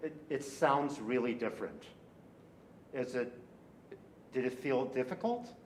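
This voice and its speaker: A man teaching a violin master class in a rehearsal room, coaching a student with lively, exaggerated phrasing and frequent restarts. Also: mid-range voice, a little slow. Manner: animated, exaggerated teaching delivery with repeated phrases.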